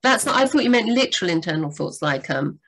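A woman co-hosting a live writing Q&A, chatty and rambling, with sudden lively jumps in pitch. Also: quick pace. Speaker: book editor and co-host. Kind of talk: live Q&A chat.

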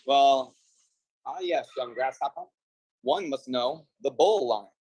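A man voicing a calm, wise old male kung fu master who speaks in slow, sage-like pronouncements. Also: mid-range voice, slightly rough, dry recording, low-quality recording.

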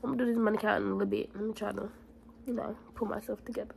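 A woman's voice: mid-range voice, steady tone, very fast, creaky, slight background noise, low-quality recording. A young woman vlogging in a casual, blunt and profane way, talking straight to her viewers. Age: young adult. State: stressed, near tears. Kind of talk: casual vlog chat.

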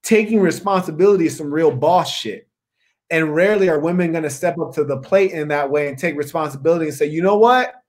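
A man's voice: on the high side, fast, darkish tone. A man hosting a discussion, talking in an emphatic, preachy way and repeating his key words for weight. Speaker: podcast host. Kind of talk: opinionated discussion.

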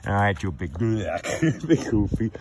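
Playful, doting man with lively pitch. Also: slow, noisy background. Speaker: horse owner filming his horses. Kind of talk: casual chat with animals.

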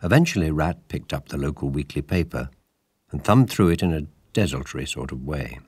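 A man narrating a storybook audiobook in a measured, lively storytelling manner. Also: a bass voice, slightly rough, no echo.

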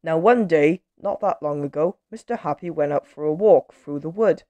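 A woman reading a children's picture book aloud in a gentle, expressive storytelling manner. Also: low-pitched, moderate pace, no room sound, phone-quality sound.

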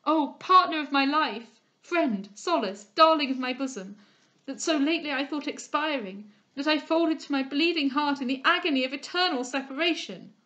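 Woman voicing Delvile, an impassioned young gentleman. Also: sits high, highs cut off, voice pushed up, lightly acted. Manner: impassioned, slow and declamatory. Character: young gentleman lover, passionate and remorseful.

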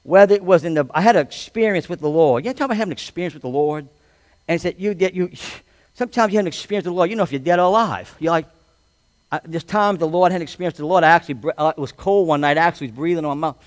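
A male pastor preaching a sermon, reading scripture and building to loud, drawn-out, emphatic shouts. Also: fairly high pitch, no echo. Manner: reads scripture aloud with commentary.

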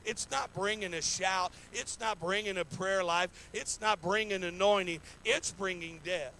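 Male pastor, homespun sermon delivery, slightly raised pitch, faint background noise. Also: measured pace, creaky, pushed and bright, poor audio. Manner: folksy, repetitive, acts out anecdotes in quoted voices. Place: church sanctuary.

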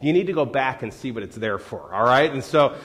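A man's voice: mid-range voice, animated, a little fast, a bit bright. A man preaching a sermon in a church, talking in a conversational way and rising into dramatic scripture readings. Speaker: pastor. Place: church sanctuary. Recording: live sermon in a large reverberant hall.

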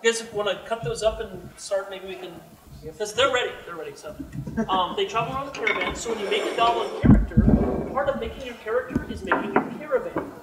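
A man's voice: high-pitched, fast talker, very noisy. A man, a game designer, telling stories and joking with a live audience at a fan convention. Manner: storytelling, joking, expressive. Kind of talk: animated talk to a live audience. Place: convention hall indoors. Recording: roomy hall, mic at a distance.

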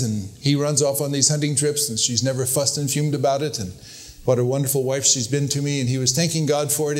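Older man preaching an earnest sermon. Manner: storytelling, quoting with raised pitch, earnest and emphatic.

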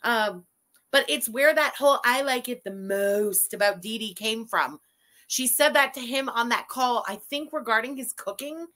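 Woman cohost on a stream, bright voice, kinda high, explains the drama. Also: moderate pace. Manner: chatty, explains gossip. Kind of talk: casual livestream chat.

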